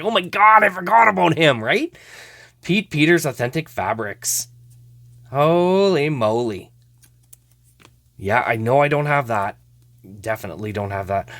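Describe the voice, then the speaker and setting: Rambling, animated male card collector. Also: medium pitch, no echo. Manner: hesitant, rambling, many trailing 'I don't know's; laughs easily, bursts into excited outbursts. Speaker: host of a hockey card show. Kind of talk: casual card-opening commentary.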